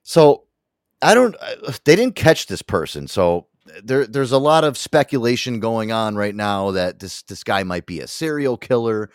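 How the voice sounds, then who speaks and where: A man's voice: on the low side, unhurried, smooth, dry recording, studio quality. A man with a New York accent hosting a casual podcast chat, swearing freely and laughing often. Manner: profane, animated, laughs often. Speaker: podcast host.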